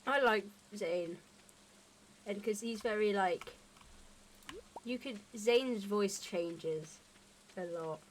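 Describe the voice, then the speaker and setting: A woman's voice: medium pitch, takes it slowly, long pauses. A young adult woman streaming a game and chatting casually, rambling and often restarting her sentences. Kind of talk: casual chat while gaming.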